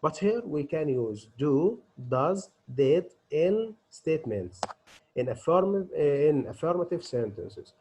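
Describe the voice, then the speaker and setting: A man's voice: fairly high pitch, expressive, slow, warm tone, lo-fi sound, a little hiss or hum. A middle-aged man, an English teacher, giving a grammar lesson and answering his own questions as he goes.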